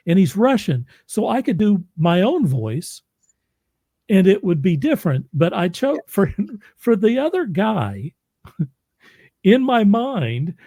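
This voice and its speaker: A man's voice: high-pitched, mellow, dry recording, clean studio sound. A man who narrates audiobooks, chatting casually as host, laughing often and restarting his sentences. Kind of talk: casual chat.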